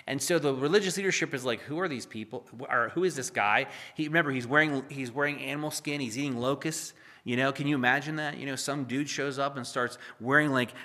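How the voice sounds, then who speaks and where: Bright-voiced pastor teaching scripture. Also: male voice. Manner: swings from loud scripture reading to low asides; conversational, jokes with the congregation. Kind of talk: expository sermon teaching.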